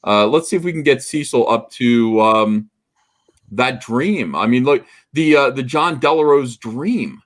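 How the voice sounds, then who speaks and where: A man's voice: medium pitch, expressive, measured pace. A man talking casually on a livestream, rambling with lots of hesitations and a dry, sarcastic humor. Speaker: co-host on a livestream talk show.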